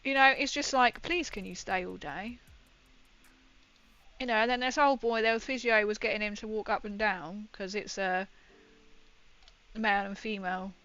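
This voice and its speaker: Here a woman's mid-range voice comes across smooth and sharp, with fairly even intonation and a moderate pace. She chats and rambles casually while building a model kit on stream, laughing frequently, all in dull lo-fi audio.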